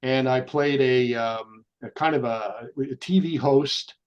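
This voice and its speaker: Man, guest actor, animated anecdotes, medium pitch. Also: slow pace, lo-fi sound. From Canada. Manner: animated raconteur, slips into voices when he quotes people. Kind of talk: anecdotal storytelling in an interview.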